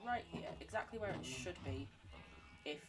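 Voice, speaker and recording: A woman whose voice is lowish with lively intonation chats with viewers at a moderate pace while streaming a game. She rambles, laughs frequently, teases herself, and replies to chat between bits of game talk.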